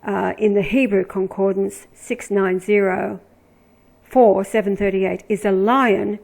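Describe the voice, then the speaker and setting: A woman speaks in a mid-range voice, giving religious commentary as she reads verses aloud. Her pace is slow and measured. She stretches key words for emphasis. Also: mid-range voice, fairly even intonation, gravelly, a little mellow, poor audio. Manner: deliberate, emphatic, drawing out words when reading verses. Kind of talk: scripture-reading commentary.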